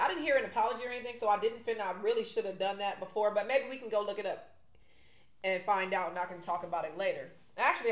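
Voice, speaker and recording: Indignant woman, echoey room. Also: medium pitch. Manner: animated, indignant, talking straight to viewers. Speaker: vlogger. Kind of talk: casual mukbang commentary.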